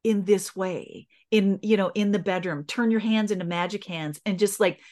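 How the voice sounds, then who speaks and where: A woman's voice: medium pitch, normal speed, a little mellow. A middle-aged woman speaking as a podcast guest. She tells a personal story earnestly and with feeling, stopping and restarting as she goes.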